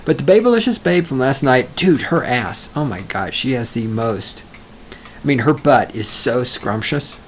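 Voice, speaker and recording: A man's voice: mid-range voice, animated, moderate pace, slight background noise. Male solo podcaster, rambling and swearing, self-mocking, mid-range voice. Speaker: podcast host.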